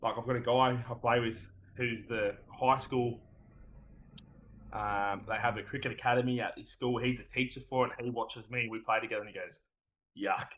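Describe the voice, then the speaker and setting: A man's voice: medium pitch, fairly even intonation, a little fast, fairly bright tone, low-quality recording. An Australian man, a podcast guest, chatting casually and rambling through stories, often saying "mate". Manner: laid-back, rambling storyteller who says "mate" a lot.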